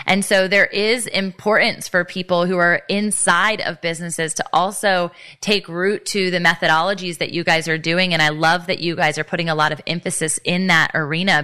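A woman's voice: on the low side, sharp tone, clear, resonant tone. Effusive woman podcast host. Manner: effusive, affirming, run-on phrasing. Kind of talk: faith podcast interview.

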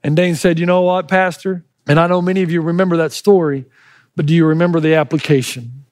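A middle-aged man preaching from the pulpit with a high, bright-sitting voice. He tells his story with animated energy, rising into loud, shouted lines. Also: fast, no room sound. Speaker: pastor. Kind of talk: sermon.

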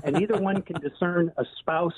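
A man calling in to a talk radio show, delivering a political joke in a deadpan way. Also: high voice, moderate pace, slight background noise. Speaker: caller. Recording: tinny dry phone line.

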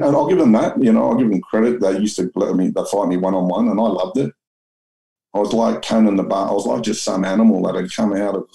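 A man's voice: deep voice, vocal fry, mellow, low-quality recording. An Australian man telling his story as an interview guest, rambling and blunt with lots of restarts and swearing.

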